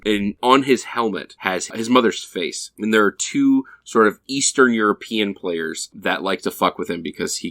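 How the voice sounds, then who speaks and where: A man's voice: fairly low pitch, no room sound. A man co-hosting a movie podcast, chatting casually and acting out quotes with laughs. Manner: laughing, animated quote reenactments. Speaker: podcast co-host. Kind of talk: casual movie review chat.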